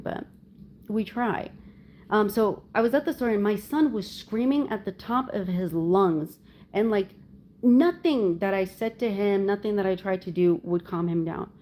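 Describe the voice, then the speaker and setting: A young woman chats casually with her viewers in a warm, mellow voice that sits at a middle pitch. She tells a long personal story in a loose, rambling way, leaning on "like" and "you know" as she goes. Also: slight background noise. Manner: rambling storytelling full of "like" fillers. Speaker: livestream host talking with viewers. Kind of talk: casual chat.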